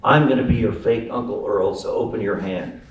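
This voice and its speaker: A man's voice: lowish voice, fairly quick, muffled recording, lightly acted. A man voicing a teasing, stoned family friend who giggles at his own jokes. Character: joking, stoned middle-aged male family friend. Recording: roomy sound from a distant mic.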